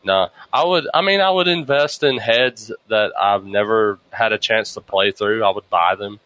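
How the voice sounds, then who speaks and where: A man in casual conversation, rambling and animated, swearing freely as he spins hypothetical stories. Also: fairly low pitch, moderate pace, no room sound, poor audio. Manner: profane, rambling, animated storytelling. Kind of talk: casual chat.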